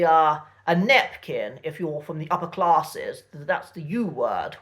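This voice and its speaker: A man giving a casual spoken lesson as host, unhurried and thinking aloud with frequent pauses and restarts. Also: sits high, a bit bright. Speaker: language teacher host.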